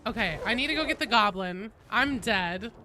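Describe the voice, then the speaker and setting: Excitable woman streamer with a cold. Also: mid-range voice, normal speed. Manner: excitable, exclamatory, swears and laughs often. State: has a cold. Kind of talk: live gaming stream chatter. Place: home room at a desk. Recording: noisy home stream audio.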